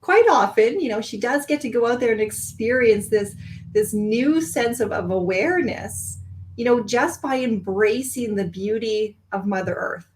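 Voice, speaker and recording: A woman's voice: fairly high pitch, animated, normal speed, a little hiss or hum, poor audio. A woman guest on a podcast, speaking in a reflective, musing way and often saying "you know". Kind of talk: casual podcast conversation.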